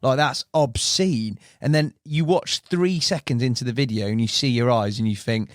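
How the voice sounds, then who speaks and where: A man hosts a casual podcast and is chummy with his guest. He keeps his reactions short and quick. His voice sits at an ordinary pitch in a dry room. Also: dry recording. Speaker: podcast host.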